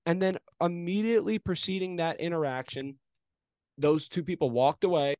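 A young man co-hosting a casual sports podcast, telling an animated, profane story and throwing in mock home-run calls. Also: fairly high pitch, normal speed, no room sound. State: arm in a sling after shoulder surgery. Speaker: podcast co-host.

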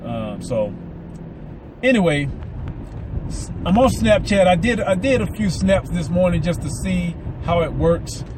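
A man's voice: high-pitched, lively intonation, a little slow, noisy background. A man with a Southern American accent hosting a casual podcast, rambling and repeating words, with a slight lisp from mouth aligners. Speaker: podcast host. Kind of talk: casual solo podcast monologue.

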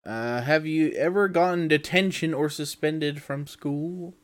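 A man's voice: fairly high pitch, measured pace, dry recording. A man co-hosting a podcast in casual chat, reading out listener questions and answering in a laid-back way.

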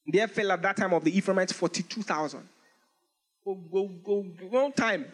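High-voiced animated male preacher. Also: moderate pace. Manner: animated preaching, reads scripture aloud in old English, laughs often. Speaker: pastor. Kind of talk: sermon.

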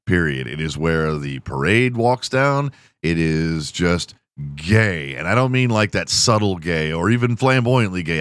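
A man's voice: lowish voice, fairly bright tone, no echo, clean studio sound. A man in his forties from Houston, Texas, hosting a podcast and retelling news stories with profane, mocking comedy. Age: 40s. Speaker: podcast host. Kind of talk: comedic storytelling.

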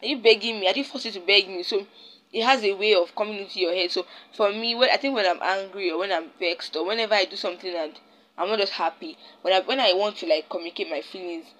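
A woman's voice: medium pitch, fast talker, a bit bright, low-quality recording. A young Nigerian woman hosting a casual solo podcast, rambling and often stopping to search for her words. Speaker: podcast host.

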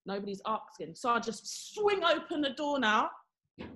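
A woman's voice: on the high side, normal speed. A young woman, co-hosting a podcast and telling a story in casual chat, acting out the people she quotes. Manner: animated, acts out quotes with exaggerated voices. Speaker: podcast co-host.

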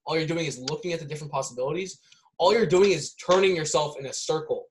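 A man's voice: on the high side, quick pace, slight background noise, low-quality recording. A man explaining ideas in a casual podcast chat, rambling and circling back with lots of fillers. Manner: rambling, repeats himself, many fillers like "like" and "right?".

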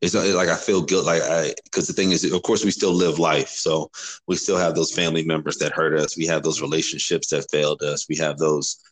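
A man's voice: rumbling low, little pitch movement, fairly quick, no echo, poor audio. A man talking earnestly about his faith, often repeating words and calling the other man brother. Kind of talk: casual faith talk.

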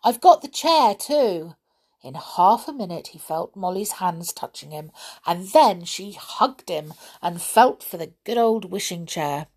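A woman narrating a children's storybook in an expressive, animated way. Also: lowish voice, unhurried, slightly rough.

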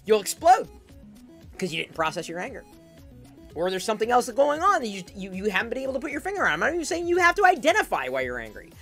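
A woman's voice: fairly high pitch, big pitch swings, fast, soft background music. A woman giving an intense, emphatic advice monologue, often repeating words as she starts a sentence. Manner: loud and projecting.

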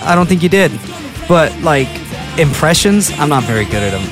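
A man's voice: on the high side, very animated, moderate pace, over music. A man hosting his show alone, musing aloud in a rambling, self-deprecating way and often restarting his sentences. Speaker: podcast host. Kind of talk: casual solo monologue.

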